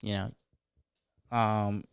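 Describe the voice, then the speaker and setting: A man co-hosting a podcast, talking football in a relaxed way and laughing often. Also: lowish voice, drawn-out words, gravelly, clean tone. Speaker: podcast co-host. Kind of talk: casual sports chat.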